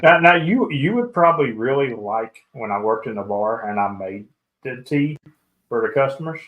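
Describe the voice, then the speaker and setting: A man's voice: medium pitch, animated, moderate pace, phone-quality sound. A man hosting a casual radio-hobby chat show, talking in a rambling way with frequent restarts. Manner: rambling, self-interrupting. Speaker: podcast host.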